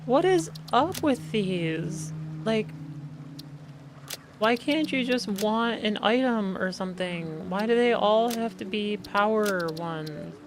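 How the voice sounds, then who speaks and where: A woman's voice: medium pitch, animated, slow, background noise. A woman streaming a game from her home office, chatting casually, answering her chat and talking to her cat. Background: background music.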